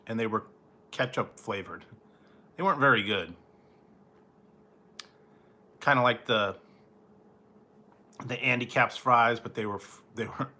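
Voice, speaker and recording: Rambling through a casual late-night chat as a food reviewer, the man keeps chuckling and trailing off. His voice is mid-range, pushed and bright.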